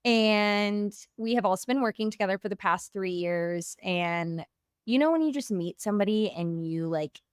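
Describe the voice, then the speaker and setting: A woman's voice: mid-range voice, moderate pace, clean tone, no echo, clean studio sound. A young woman hosting a podcast, chatting casually in a bubbly, gushing way and saying "like" often. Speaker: podcast host.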